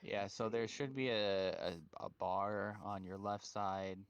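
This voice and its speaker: Low-voiced, matter-of-fact co-host. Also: male voice, steady tone, slow pace, clear, resonant tone, no room sound, highs cut off. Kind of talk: casual live-stream chat.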